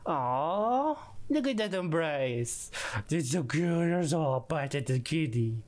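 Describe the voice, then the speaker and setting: A woman's voice: low voice, animated, takes it slowly, a little mellow. Jittery woman talking through a game. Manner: jittery self-talk with whispered asides. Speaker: streamer. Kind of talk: gameplay commentary.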